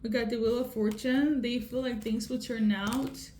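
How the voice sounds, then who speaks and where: Tarot reader, female, fairly high voice, chatty, keeps asking "okay?", roomy echo with faint hiss. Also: fairly even intonation, moderate pace, darkish tone. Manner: repeats "okay?" often, conversational. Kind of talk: casual tarot reading. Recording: echoey room with faint noise.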